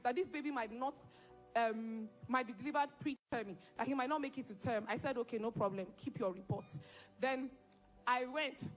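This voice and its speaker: A young woman gives a spoken church testimony, telling her story in a lively way and acting out the lines of the people in it. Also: high voice. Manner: lively storytelling, acts out quoted dialogue. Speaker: church member giving testimony.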